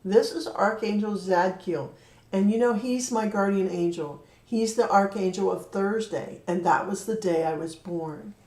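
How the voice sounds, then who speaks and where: A woman giving a spiritual card reading, talking in an earnest, gently encouraging way. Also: medium pitch, measured pace. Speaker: card reader. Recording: roomy echo, voice from a distance.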